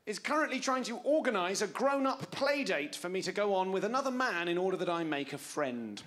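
Fortysomething guy doing standup, kinda high voice, dry self-mocking jokes, faint room noise behind. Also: sing-song, a little fast. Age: 40s. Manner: wry, self-mocking, talks back to the audience. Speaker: stand-up comedian. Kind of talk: stand-up comedy set. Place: comedy club stage before a live audience.

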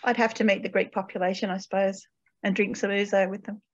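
A woman's voice: medium pitch, level tone, quick pace. An older Australian woman poet reading her work and then chatting in answer to questions, laughing often and trailing off with fillers. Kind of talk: poetry reading and Q&A. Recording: dull lo-fi video call audio.

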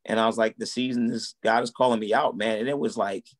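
Animated man telling his story. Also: on the low side, fast talker. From United States. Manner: animated, acts out quoted dialogue. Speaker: guest, musician and minister. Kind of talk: casual conversational storytelling.

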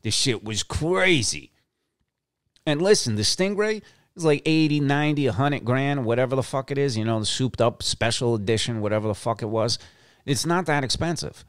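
A man's voice: medium pitch, no echo, studio quality. A middle-aged man hosting a show, talking in a brash, swaggering, profane monologue and repeating lines for emphasis. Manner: brash, swaggering, heavy cursing. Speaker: podcast host.

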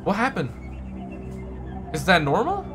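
A man's voice: high-pitched, huge pitch swings, a little slow, music in the background. A young man hosting a reaction video, talking casually and exclaiming often in slangy speech. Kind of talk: live reaction commentary.

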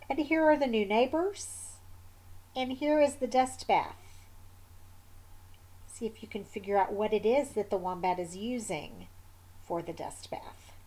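A woman reading a picture book aloud, gently explaining the pictures to young listeners, with soft whispered asides. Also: fairly high pitch. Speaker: storyteller.

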